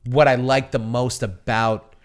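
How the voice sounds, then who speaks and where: A young man talks through a movie with a friend, trailing off and restarting as the thoughts come. His pitch sits in an ordinary middle range, and he laughs easily. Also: flat delivery, unhurried. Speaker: podcast co-host. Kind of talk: casual movie review chat.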